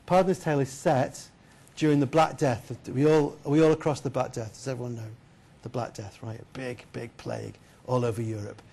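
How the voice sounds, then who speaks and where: A man giving a keynote lecture, telling a story in a lively, chatty way and putting questions to the audience. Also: medium pitch, brisk, vocal fry, husky. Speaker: keynote speaker. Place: lecture hall.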